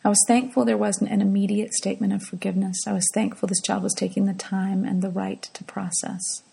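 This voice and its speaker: Middle-aged woman, intensely gravelly and raspy, hushed reflective devotional storyteller. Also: mid-range voice, flat delivery, brisk, rough recording. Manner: soft, hushed, often drops to a whisper. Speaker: mother telling a personal devotional story.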